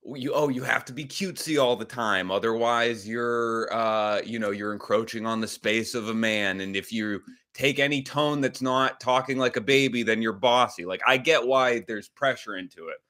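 A man's voice: mid-range voice, a bit bright, smooth. A man hosting a podcast livestream, rambling casually with some swearing and reacting to chat comments. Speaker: podcast host.

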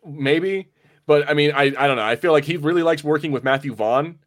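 A man's voice: a little high, fairly quick, no echo, studio quality. Rambling American man on a podcast. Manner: rambling, self-correcting, laughs often. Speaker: podcast co-host. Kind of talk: casual chat.

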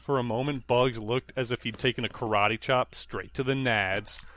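A man's voice: medium pitch, fairly even intonation, normal speed, fairly bright tone, no room sound. A man co-hosting a podcast, reading a kids' mystery aloud with joking asides and fillers. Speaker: podcast co-host. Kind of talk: casual comedic read-aloud.

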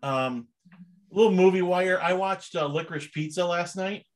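A man's voice: high-pitched, moderate pace. A young adult man co-hosting a podcast in casual chat, rambling easily and laughing often. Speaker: podcast co-host.

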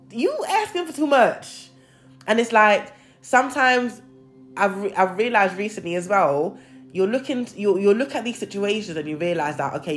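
Brief: young woman, lowish voice, candid casual rant, swears often, faint music behind. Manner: candid, expressive, swears freely, animated rants. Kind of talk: casual venting monologue.

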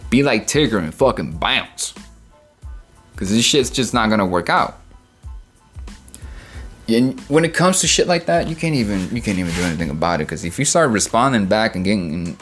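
A man's voice: fairly low pitch, normal speed, pauses often, husky, soft background music. A man who works as a kitchen middle manager, telling a work story in a profane, casual rant full of "right?" and "dude". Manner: swears constantly, lively storytelling, rhetorical "right?".

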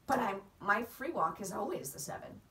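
A woman's voice: medium pitch, animated, moderate pace, pushed and bright. A woman riding coach chatting casually on a podcast, explaining things in depth and laughing often. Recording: roomy, distant mic, faint background noise.

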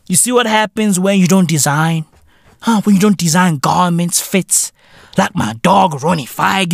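A man hosting a podcast, delivering a profane comedic rant full of street slang and sudden shouted bursts. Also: high voice, moderate pace, creaky, no echo. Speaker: podcast host.

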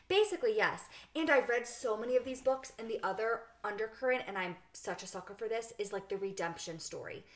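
A woman's voice: fairly high pitch, a little fast, few pauses, a bit bright. A woman co-hosting a podcast in casual book discussion chat, talking candidly and animatedly and laughing at herself. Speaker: podcast co-host.

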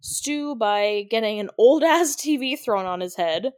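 A woman's voice: a little high, animated, a little slow, clean tone, dry recording, studio quality. A young woman co-hosting a podcast, giving a casual, chatty recap of a film and giggling often as she talks. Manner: chatty, giggly, many "like" fillers. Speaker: podcast co-host. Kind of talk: casual movie recap chat.

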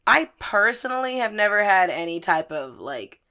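A woman's voice: mid-range voice, moderate pace, clear, resonant tone. A young woman co-hosting a podcast, telling stories in loose, profane casual chat. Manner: profane, storytelling, animated. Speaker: podcast co-host.

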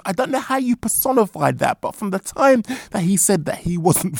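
An excitable podcast host rambles through his questions with a lively, bouncing pitch. His voice has a gravelly edge. The sound is dry and close. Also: normal speed, hardly any pauses, no echo. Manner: excitable, rambling, lots of fillers and restarts. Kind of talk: casual podcast interview.

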